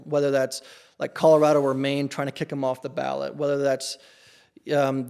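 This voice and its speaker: A man speaking as a podcast guest, earnest and casual, often restarting his sentences. His voice sits at a middle pitch and stays fairly flat, with little rise and fall. He keeps a steady storytelling flow. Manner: earnest, with frequent restarts and fillers. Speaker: campaign staffer, podcast guest.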